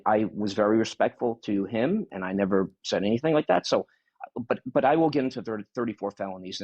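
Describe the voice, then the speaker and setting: A man in his forties with a husky, fairly low voice calls in to a debate show. He talks hesitantly and defensively, restarting his sentences often. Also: darkish tone, lo-fi sound. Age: 40s. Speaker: caller. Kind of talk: call-in debate.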